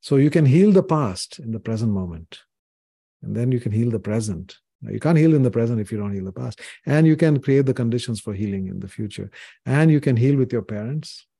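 In a reflective interview, this Indian podcast guest in his sixties earnestly recounts his life, sprinkling in "you know." His mid-range voice is lively and brisk, creaky and dark with a breathy edge, captured in studio quality with no echo.

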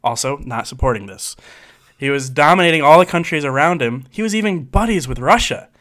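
A man's voice: fairly high pitch, animated, brisk, fairly bright tone. A man from Michigan co-hosting a podcast, telling stories in a jokey, casual way and laughing often. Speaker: podcast co-host. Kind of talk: casual storytelling chat.

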